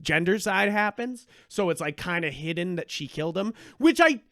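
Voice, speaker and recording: Man, high voice, animated and swearing, rambling restarts, dry close sound. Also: moderate pace, no echo. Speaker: podcast co-host. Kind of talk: casual podcast chat.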